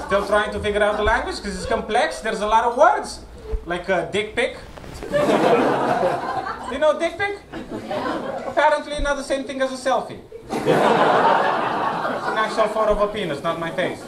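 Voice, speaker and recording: A man from Romania works a small basement comedy room, teasing the audience and checking in with them often. His voice sits very high and swings around a lot. He is picked up from a distance in an echoey space, with a loud crowd and plenty of noise. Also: sing-song, measured pace, long pauses. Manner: playful, teasing, checks in with "right?". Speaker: stand-up comedian. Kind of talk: stand-up set with crowd work.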